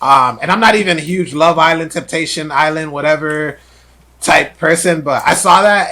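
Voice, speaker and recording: A man's voice: fairly high pitch, fairly quick, pushed and bright. A man hosting a podcast, telling stories animatedly in casual chat with lots of filler words. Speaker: podcast host.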